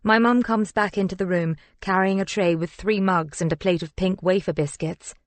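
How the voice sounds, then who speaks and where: A woman narrating a first-person thriller audiobook in a measured, reflective storytelling manner. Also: mid-range voice, fairly even intonation, dry recording.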